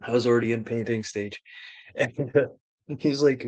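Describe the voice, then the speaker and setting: A man's voice: medium pitch, fairly even intonation, moderate pace, long pauses, a little mellow, no echo, highs cut off. A man, a renovation contractor, telling a rambling, profane story in casual chat on his stream. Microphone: streaming mic.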